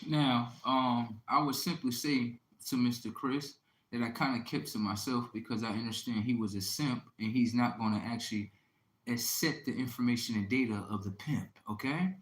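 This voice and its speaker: A man's voice: mid-range voice, normal speed. A man in his thirties telling a crude story in a brash, profane monologue, often checking in with "right?". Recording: echoey room.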